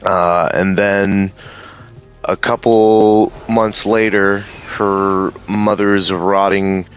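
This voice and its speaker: A man's voice: sits low, flat delivery, drawn-out words, clear, resonant tone, lo-fi sound, soft background music. A man casually retelling a story, hesitant with many ums and some swearing. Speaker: streamer.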